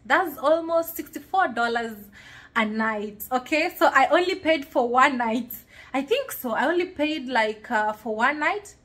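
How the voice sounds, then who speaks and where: High-voiced woman gushing to her vlog camera. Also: a bit bright. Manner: gushing, effusive thanks. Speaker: travel vlogger. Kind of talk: excited vlog talk to camera. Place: rented room indoors.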